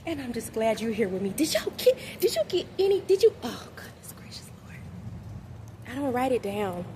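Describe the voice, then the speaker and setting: Animated, high-voiced woman vlogging on faith. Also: brisk, a little hiss or hum. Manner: animated, emphatic, swings between loud and hushed; slangy, talks straight to viewers. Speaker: mother and motivational vlogger. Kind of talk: casual spiritual vlog talk.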